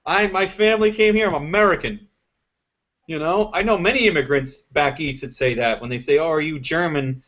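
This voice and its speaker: A man's voice: a little high, animated, a little fast, fairly bright tone. A man hosting a casual political chat over a video call, talking in an emphatic, opinionated way. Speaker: host. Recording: dull lo-fi call audio.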